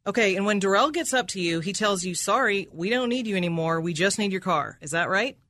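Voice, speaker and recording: Aggressive woman cross-examining, bright tone. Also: medium pitch, expressive, a little fast, a little hiss or hum. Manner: aggressive, repeats answers back with "right?". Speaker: prosecutor.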